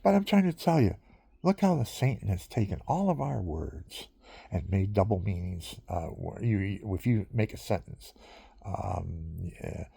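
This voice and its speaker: Gravelly low-voiced man rambling. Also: animated, unhurried, dark tone, no room sound. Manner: rambling, drifting between stories, chuckling often. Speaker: monologuist recording himself. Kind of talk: rambling casual monologue.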